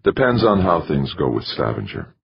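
A straight-faced man with dry humor in an audiobook, as the male narrator reads him. He speaks quietly in a very deep, husky voice, and the recording sounds muffled and lo-fi. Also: moderate pace, heavily acted. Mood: deadpan. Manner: deadpan, serious. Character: dry-humored adult man space traveler, deadpan.

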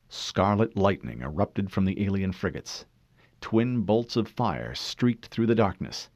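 A man reading a novel aloud in measured, expressive scripted narration. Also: fairly low pitch, no room sound, lo-fi sound. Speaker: audiobook narrator.

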